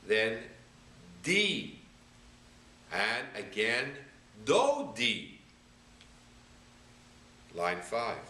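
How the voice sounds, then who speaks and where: A rabbi patiently sounding out syllables one by one in a slow reading lesson. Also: male voice, medium pitch, big pitch swings, sharp tone. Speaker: rabbi teaching Hebrew reading. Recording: echoey room, voice a bit far from the mic.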